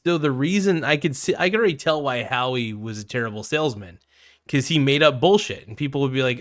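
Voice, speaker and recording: A man hosting a podcast in casual chat, blunt and animated, swearing freely. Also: medium pitch, fast, no echo, clean studio sound. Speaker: podcast host.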